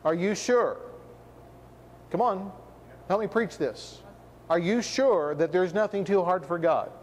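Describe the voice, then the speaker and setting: Preaching a sermon, a man fires off emphatic rhetorical questions, then drops to a hushed tone for personal stories. His voice sits high and moves a little slowly, with a long reverb tail and slight background noise.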